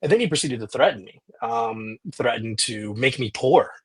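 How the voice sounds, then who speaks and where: A man's voice: medium pitch, animated, normal speed, husky. A man, a journalist guest on a podcast, telling a story in detail with frequent restarts and quoted back-and-forth dialogue.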